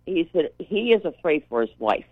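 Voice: mid-range voice, very animated, normal speed, breathy edge, no room sound, phone-quality sound. A caller on a call-in radio show, retelling a story and repeating what was said. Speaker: caller, store worker. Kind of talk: phone-in storytelling.

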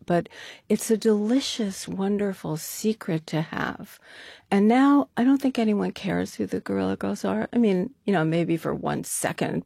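Low gravelly older woman, laughing guest. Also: mellow, no room sound, clean studio sound. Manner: laughs often, chatty, many fillers. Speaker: guest, art activist co-founder. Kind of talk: casual interview talk.

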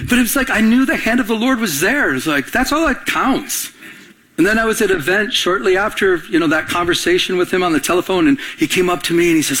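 A man with a high, slightly quick voice preaches a sermon as a pastor. He tells an animated story, acting out both sides of a phone call, and prompts the congregation to call back answers.

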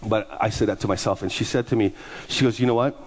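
A man preaching as a pastor, telling stories with lively repetition and acting out the people in them. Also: lowish voice, quick pace, slightly rough. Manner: animated, repeats words and acts out people. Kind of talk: storytelling sermon.

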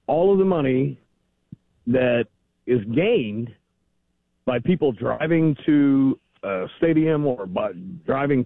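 A man's voice: mid-range voice, vocal fry, dry recording. A man calling in to a radio show, arguing his point insistently. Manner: argumentative, presses his point. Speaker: caller. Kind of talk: phone call to a radio show. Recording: phone line.

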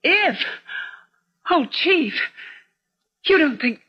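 An actress playing a spirited, caring young female newspaper reporter who asks quick, earnest questions, in 1940s radio acting, on a dull vintage recording. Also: high voice, sing-song, full character voice. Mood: anxious.

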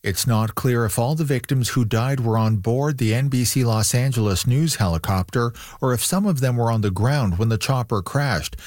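A man anchoring a radio news bulletin in a measured broadcast delivery. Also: medium pitch, a little mellow, no room sound, clean studio sound. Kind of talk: news reading.

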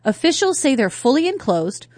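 Woman talk radio host from north carolina, chatty and conversational, higher voice, dry close studio mic. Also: very animated, normal speed, darkish tone, dry recording. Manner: chatty, conversational, rhetorical questions. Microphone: studio microphone.

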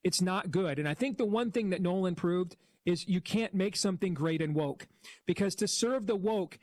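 A man's voice: a little high, no echo. A man appearing as a filmmaker guest on a talk show, giving blunt, critical film commentary with frequent "uh" fillers.

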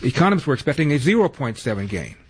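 A man's voice: medium pitch, sing-song, racing, breathy edge. A man hosting a talk radio show, running through headlines with wry, sarcastic asides.

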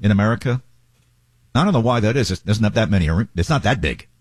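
A male talk radio host chats casually and drifts into asides. His voice is low and a little husky, with lively swings in pitch. The studio sound is dry and close. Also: quick pace, no echo. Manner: chatty, wandering asides.

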